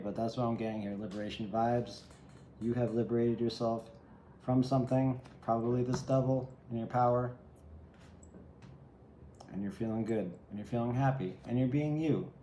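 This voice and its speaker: A man's voice: mid-range voice, steady tone, normal speed, warm tone. A man giving a solo tarot reading, musing and reflective, speaking straight to the viewer. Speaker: tarot reader. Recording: echoey room with faint ambient noise.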